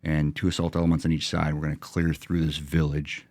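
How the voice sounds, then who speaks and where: A man's voice: extremely low pitch, completely flat delivery, a little fast, darkish tone, dry recording, studio quality. A middle-aged American veteran man telling a combat story in a plain-spoken, casual way, slipping into quoted self-talk. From United States.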